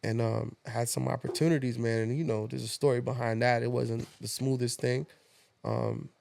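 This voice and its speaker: Gravelly, lively man telling stories. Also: medium pitch, normal speed, slight background noise. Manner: animated, laughing, profane storyteller. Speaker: podcast guest. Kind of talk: casual storytelling chat.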